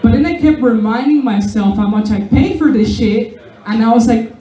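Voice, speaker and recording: A woman's voice: on the high side, normal speed, dark tone, roomy sound, poor audio. A woman comedian performing a stand-up set at a pub comedy night, talking casually and profanely and laughing at her own jokes.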